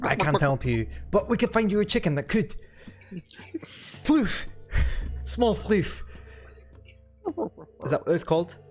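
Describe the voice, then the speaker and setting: A tabletop game player with a chatty, amused and halting manner. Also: mid-range voice, expressive, faint music behind. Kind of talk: casual tabletop play.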